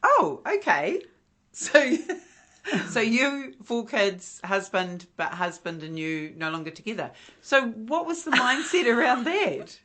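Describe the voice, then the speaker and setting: A woman's voice: fairly high pitch, very animated, slow pace, a bit bright. A woman interviewing in a casual chat, asking questions and summing up what she hears, laughing along.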